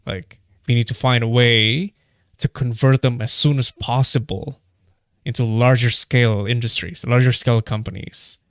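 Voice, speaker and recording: A man's voice: medium pitch, steady tone, normal speed, a bit bright, no room sound, studio quality. A young man from Indonesia giving casual, heated commentary, blunt and swearing, with many hesitant fillers. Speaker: streamer reacting to a live broadcast.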